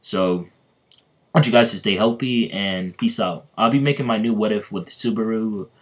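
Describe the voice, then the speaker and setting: A man's voice: on the low side, moderate pace. A young man casually retelling a story, hesitant, with many ums and restarts. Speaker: fan video creator.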